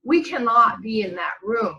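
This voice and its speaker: A woman's voice: fairly high pitch, animated, moderate pace, vocal fry, sharp tone, highs cut off. A middle-aged woman, a guest in a casual chat, telling a rambling story, laughing often and acting out what people said.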